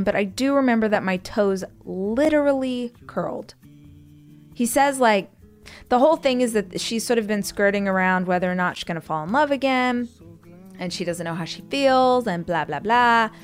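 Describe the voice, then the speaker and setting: Smooth-voiced chatty woman podcast host. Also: medium pitch, animated, moderate pace, soft background music. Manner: chatty and rambling, gushing about movies; frequent restarts and side comments. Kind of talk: casual solo podcast chat.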